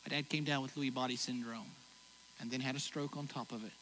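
A man preaching a sermon as pastor, swinging between loud exclamations and hushed reflection. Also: mid-range voice, steady tone, quick pace. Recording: hall reverb, faint noise.

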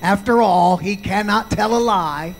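A male pastor preaching a sermon, slow and deliberate, punctuating points with amens. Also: high voice, a little hiss or hum, rough recording.

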